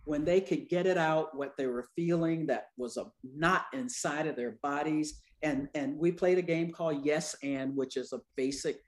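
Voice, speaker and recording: A woman in her sixties, an anesthesiologist and speaker, telling stories in an interview with humor and lively quoted voices. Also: low voice, normal speed, few pauses. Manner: lively, acts out quoted people with voice changes; humorous, conversational. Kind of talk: storytelling in an interview.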